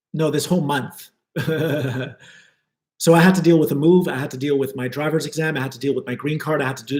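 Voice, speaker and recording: A man's voice: a little high, darkish tone, reverberant. A man giving a live spiritual talk to his viewers, earnest and flowing, repeating words for emphasis. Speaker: spiritual teacher.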